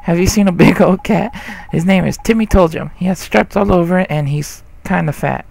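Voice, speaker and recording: Earnest young boy, a man voicing him, polite, slightly raised pitch. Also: normal speed, creaky, darkish tone, exaggerated voice.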